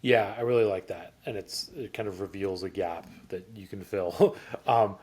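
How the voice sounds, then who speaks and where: Man, podcast host, slightly low voice, casual, affirming. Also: normal speed, darkish tone, breathy edge. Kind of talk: casual interview chat.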